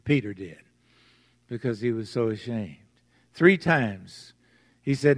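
A man's voice: medium pitch, animated, unhurried. A man preaching a sermon as pastor, retelling the story and acting out its voices. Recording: long hall reverb.

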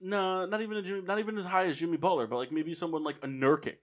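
A man's voice: high voice, fairly even intonation, racing. A man co-hosting a casual sports podcast, arguing his opinions at length. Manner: opinionated, argues points at length. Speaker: podcast co-host.

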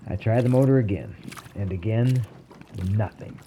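A man narrating a personal story in a calm, wry way. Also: lowish voice, normal speed, slight background noise.

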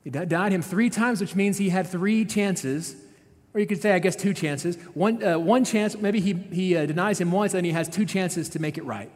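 A man's voice: high voice, moderate pace. A man, a pastor, giving a conversational sermon, retelling a story with frequent "right?" asides. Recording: long reverb of a large hall.

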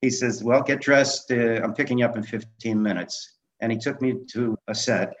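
A middle-aged man being interviewed, telling animated stories from his film career and acting out the dialogue. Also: mid-range voice, moderate pace. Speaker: guest, film director and memoir author. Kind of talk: conversational storytelling interview. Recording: dull lo-fi audio.

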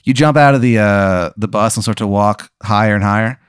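A man improvises a crude comic story, narrating to his guest in a loose, rambling way full of fillers. His voice is smooth and clear, and the recording is close and dry, with no room sound. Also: on the low side, brisk, no room sound. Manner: profane, rambling second-person narration with many fillers. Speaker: host.

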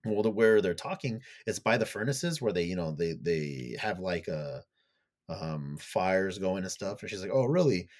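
Man, deep voice, casual podcast chat, swears a lot, rambling plot recap. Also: animated, measured pace. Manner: loose, profane storytelling; acts out characters' lines in a raised voice. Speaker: podcast co-host.

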